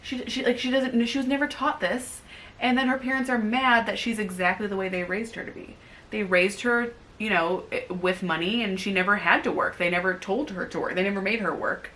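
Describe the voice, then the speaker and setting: A young woman co-hosting a casual book review chat, rambling with lots of fillers and getting animated as she rants. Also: medium pitch, a little fast. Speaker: co-host.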